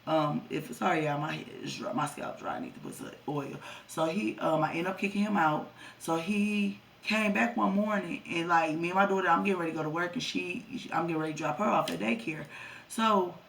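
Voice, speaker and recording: Gravelly-voiced woman telling a storytime. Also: lowish voice, brisk, a bit bright, recorded from a distance, slight background noise. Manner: profane, blunt storytelling, talks to viewers as y'all. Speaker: vlogger. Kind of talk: storytime vlog.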